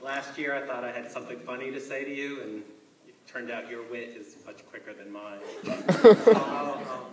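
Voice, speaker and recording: A man's voice: mid-range voice, fairly even intonation, normal speed, noisy background. A man judging a talent show, giving modest, self-deprecating praise. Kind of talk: judge feedback. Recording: distant echoey hall with crowd.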